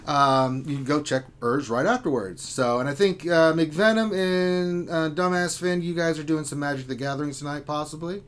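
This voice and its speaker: A man's voice: a little high, a bit bright. Chatty man hosting a stream. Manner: loose and rambling, fast bursts. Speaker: live stream host. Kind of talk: casual chat.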